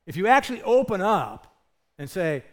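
A male pastor delivers a sermon in a fairly high voice that rises and falls a lot. He talks earnestly and leans hard on key points. He keeps asking the congregation rhetorical questions. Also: big pitch swings, normal speed.

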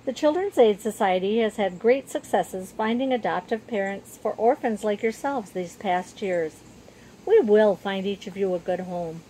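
A woman's voice: mid-range voice, animated, normal speed, a little hiss or hum, lightly acted, low-quality recording. A woman voicing a nun chaperone who addresses a group of orphaned children in a storybook reading. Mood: reassuring. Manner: addresses children warmly and brightly. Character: kindly nun chaperone, adult woman, reassuring.

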